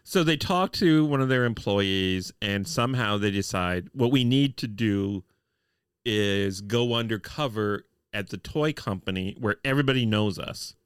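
A man co-hosting a podcast, recapping a TV episode in a wry, deliberate way with deadpan nitpicks. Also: fairly low pitch, smooth, no room sound, studio quality. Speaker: podcast co-host. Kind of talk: casual chat reviewing a TV episode.

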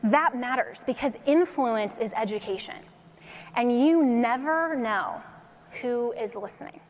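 A woman from Colorado giving a faith-based motivational talk, telling her story in a lively way and laughing often, in an echoey hall. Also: fairly high pitch, measured pace. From Colorado, USA. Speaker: speaker.

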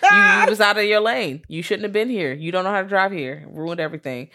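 A woman co-hosting a podcast in casual chat, animated and swearing freely, acting out quotes, with a Southern US accent. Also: medium pitch, a little fast. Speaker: podcast co-host.

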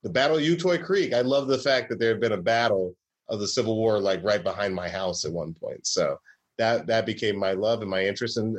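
A man's voice: on the low side, muffled recording. A man from Georgia, a comedy writer, telling stories in a casual interview with many fillers and restarts.

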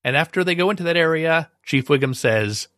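A man on a podcast panel, explaining things in a precise, fast-talking way. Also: on the high side, lively intonation, a bit bright, dry recording, studio quality. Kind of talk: casual podcast chat.

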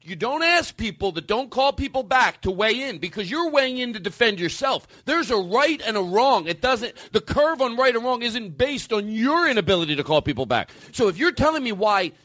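A middle-aged man hosting a comedy podcast, ranting in an exasperated, animated way with plenty of restarts and swearing. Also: very high voice, fairly quick, hardly any pauses, no echo, studio quality. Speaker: podcast host.

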